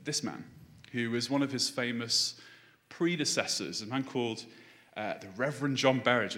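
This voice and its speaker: A man's voice: mid-range voice, fairly bright tone. A man from Liverpool preaching a sermon and reading aloud from the Bible, chatty and a little hesitant, with touches of light humour. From Liverpool, England.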